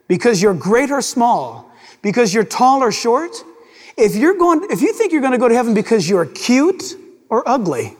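A man's voice: extremely high pitch, darkish tone, in a large hall. A man preaching a sermon with dramatic delivery, acting out the voices of scripture figures.

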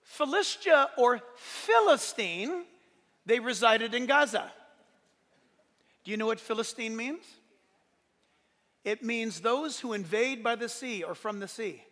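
A pastor preaching a sermon, emphatic and joking, often building to shouts. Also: male voice, very high voice, animated, takes it slowly, pauses often, long reverb tail.

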